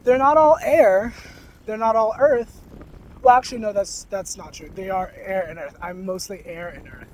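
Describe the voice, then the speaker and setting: A man's voice: high voice, normal speed, slight background noise. A man vlogging casually about spiritual ideas, in a loose, rambling way full of fillers, now and then swearing bluntly. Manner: frank, sometimes swearing.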